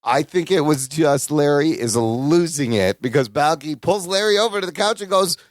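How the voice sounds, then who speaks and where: A man co-hosting a sitcom rewatch podcast, recapping scenes in a casual, animated way and acting out the characters' lines. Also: moderate pace, no echo. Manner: animated, acts out characters' lines with jumps in pitch. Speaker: podcast co-host.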